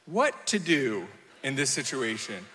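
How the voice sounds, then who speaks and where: A man in his thirties preaching a sermon, telling a family story with animated acted-out quotes and self-mocking laughter. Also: mid-range voice, measured pace, some chatter behind. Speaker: pastor. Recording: long hall reverb.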